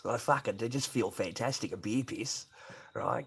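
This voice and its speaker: A man's voice: medium pitch, measured pace, vocal fry, slightly rough. An Australian man chatting casually on a live stream, rambling, swearing and answering chat messages.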